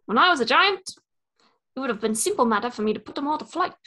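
A woman doing an impression of a gentle male rock creature with a New Zealand accent, talking in a slow, mild, rambling way. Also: sits high, lively intonation, exaggerated voice. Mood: mild chatty.

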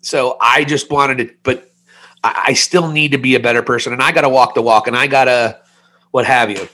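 Bright-voiced man in his forties, rambling. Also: mid-range voice, steady tone, a little fast. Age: 40s. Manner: rambling, candid storytelling with self-mocking jokes. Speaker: podcast co-host. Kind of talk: casual podcast chat.

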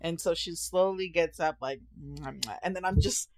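A woman's voice: on the low side, normal speed, dry recording. A young woman co-hosting a podcast, chatting casually and acting out stories with frequent laughter. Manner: animated storyteller, laughs often, acts out voices. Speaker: podcast co-host. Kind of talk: casual chat.

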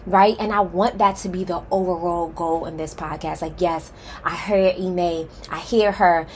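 A woman with a mid-range voice hosts her own podcast, delivering an emphatic, heartfelt solo introduction straight to her listeners, whom she calls "y'all." She comes across as nervous and excited, and the recording has a little hiss or hum.

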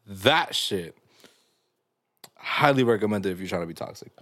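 Lively laughing young man podcaster. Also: fairly low pitch, normal speed, no echo, clean studio sound. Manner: animated, laughs often, slangy and crude. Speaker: podcast host reading listener stories. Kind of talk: casual comedic podcast chat.

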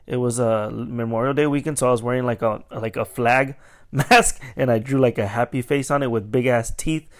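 A man's voice: mid-range voice, normal speed. A man hosting a podcast, telling a story in a casual, rambling way with plenty of swearing. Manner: animated, profane, rambling. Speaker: podcast host.

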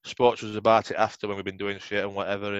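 A man's voice: on the low side, little pitch movement, fast talker, clear, resonant tone, no echo, highs cut off. A middle-aged man with a Yorkshire accent telling rambling, sweary football stories in a casual interview. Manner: swears freely, rambling anecdotes. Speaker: podcast guest, former footballer.

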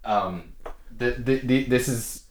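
A man's voice: mid-range voice, takes it slowly. A man co-hosting a casual podcast, talking in a rambling way with many stammered restarts. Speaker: podcast co-host. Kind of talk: casual chat.

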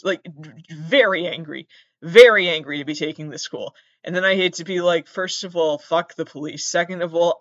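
A man telling a rambling comedic story about himself, full of swearing and self-mockery, now and then bursting out loudly. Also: high-pitched, moderate pace, no echo, dull audio. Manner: self-deprecating, profane, swings into loud outbursts. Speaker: show host telling a personal story.

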